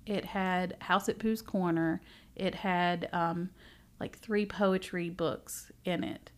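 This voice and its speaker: A middle-aged woman, a bookstore owner, chatting casually as a podcast guest, animated and laughing often as she tells stories. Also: fairly low pitch, takes it slowly. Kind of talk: casual interview chat.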